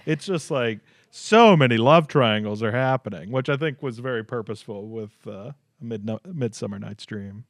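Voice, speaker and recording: Guy cohosting a recap podcast, bouncy lively voice, dry close sound, jokes around a lot. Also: medium pitch, dry recording. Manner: joking, quick to laugh, acts out lines in silly voices. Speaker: podcast co-host. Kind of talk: casual chat recapping a TV episode.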